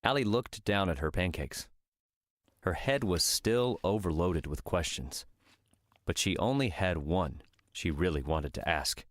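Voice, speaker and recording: A man reading an audiobook in scripted narration, steady and even. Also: low voice, unhurried, dry recording, clean studio sound.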